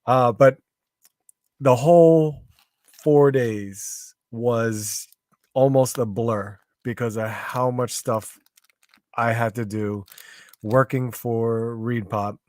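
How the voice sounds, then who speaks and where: A man's voice: mid-range voice, fairly even intonation, slow pace, long pauses, a little mellow, dry recording. A man hosting a casual live stream, tired and losing his voice, rambling and greeting viewers by name. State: tired, voice going hoarse.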